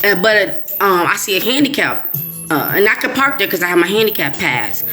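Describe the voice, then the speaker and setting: Hosting for a live audience, this West Side Chicago woman in middle age spins a casual story full of laughter and voiced quotes from others. She talks a little fast at medium pitch, with faint music behind her.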